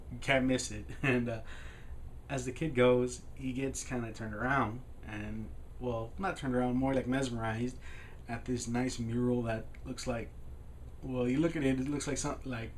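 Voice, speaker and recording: A man's voice: medium pitch, a little hiss or hum. A man casually recapping a film's plot, rambling with restarts. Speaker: film reviewer.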